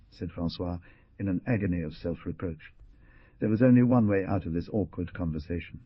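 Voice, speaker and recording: Husky low-voiced male audiobook narrator. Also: brisk, no room sound. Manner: lively voicing of characters' quoted lines. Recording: dull, muffled studio recording.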